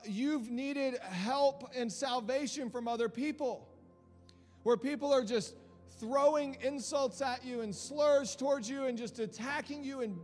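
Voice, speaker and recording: A man preaching a sermon with impassioned delivery, repeating phrases as he builds from quiet to loud. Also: extremely high pitch. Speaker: pastor. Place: church hall. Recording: long hall reverb with faint music.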